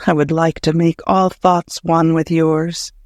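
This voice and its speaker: A man's voice: fairly high pitch, level tone, a little slow, no echo, studio quality. A man narrating a devotional audiobook in a fervent, prayerful, emotional way.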